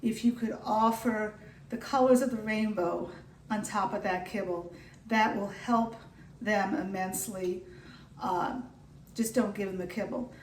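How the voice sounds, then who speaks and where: A woman's voice: fairly high pitch, darkish tone, echoey room, distant mic, slight background noise, low-quality recording. A woman with a New York accent hosting a home cooking video, chatty and reassuring as she walks through a recipe. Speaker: home cooking channel host. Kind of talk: casual cooking demonstration.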